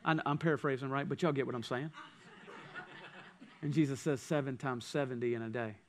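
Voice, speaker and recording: A man preaching a sermon as pastor, swinging from loud passages to hushed ones. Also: medium pitch, fairly even intonation, fairly quick. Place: church.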